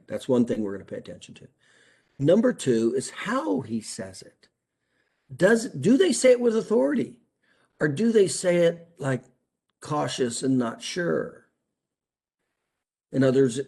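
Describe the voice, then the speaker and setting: A man's voice: mid-range voice, warm tone, slightly rough. A man coaching chiropractors, critiquing a recorded session in an emphatic way and asking rhetorical questions.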